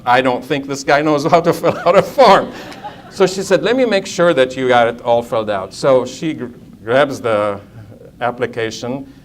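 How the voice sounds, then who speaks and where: Animated man telling a funny story. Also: medium pitch, slight background noise. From Lebanon. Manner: animated, acts out both sides of dialogues, laughs often. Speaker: speaker at a conference. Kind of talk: humorous storytelling speech. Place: conference hall.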